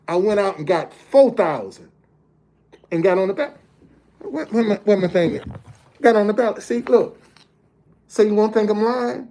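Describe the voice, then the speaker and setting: His voice is high and animated with a dark tone, moving at a moderate pace broken by long pauses. The man, at least in his fifties, is a motivational speaker telling his own story; he talks plainly to the audience and keeps stopping to repeat words while building his argument.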